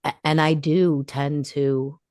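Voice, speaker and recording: A woman's voice: deep voice, flat delivery, takes it slowly, darkish tone, dry recording, studio quality. A woman co-hosting a podcast, speaking thoughtfully about herself in a casual chat.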